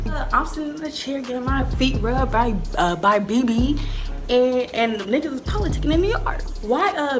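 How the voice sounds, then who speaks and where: A woman in her twenties tells a story in a casual, profane way, acting out the action with booming sound effects. Her voice sits a little high. Clear music plays behind her. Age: 20s.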